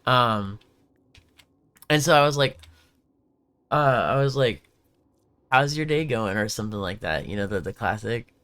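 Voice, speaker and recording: A man's voice: on the low side, unhurried, pauses often, a bit bright, clean tone, no echo. A young man streaming live, chatting casually and rambling through stories while answering questions from chat.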